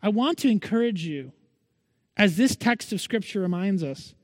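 A man's voice: sits high, lively intonation, normal speed, darkish tone, no echo, big-room sound. A male pastor preaching a Sunday sermon in an earnest manner, pressing his listeners with repeated rhetorical questions.

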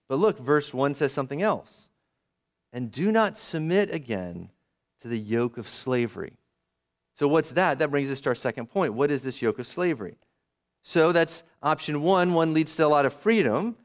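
A man's voice: a little high, lively intonation, normal speed. A male pastor preaching a sermon in an emphatic, conversational way, asking his listeners questions as he teaches.

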